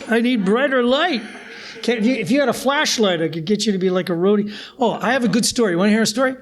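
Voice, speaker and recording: An older man spinning road stories on stage before a live crowd at a bar. He talks in an animated way, laughing often as the anecdotes unfold. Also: high voice. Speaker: musician guest.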